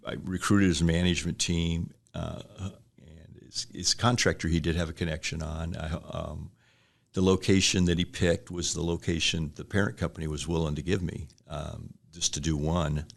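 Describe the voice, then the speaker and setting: A man's voice: deep voice, fairly even intonation, normal speed, vocal fry. A middle-aged man, telling rambling business stories in a casual interview, acting out quotes with chuckles. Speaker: restaurant franchise owner, guest.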